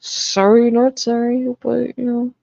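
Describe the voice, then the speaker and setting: A woman's voice: a little high, little pitch movement, unhurried, gravelly, a little mellow, no echo, muffled recording. A woman from the Boston area chatting casually on her live stream, blunt and swearing freely.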